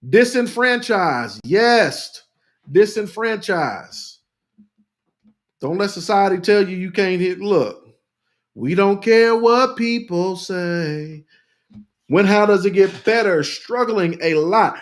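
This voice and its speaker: A man's voice: high voice, expressive, takes it slowly. A man hosting a talk, speaking in a rousing, repetitive way, addressing listeners as "y'all" and reading out their comments.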